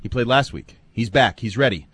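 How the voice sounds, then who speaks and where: A man co-hosting a sports talk show as the football analyst, wisecracking and firing back quick comebacks. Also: medium pitch, a bit bright, slightly rough, no room sound. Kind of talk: casual sports chat.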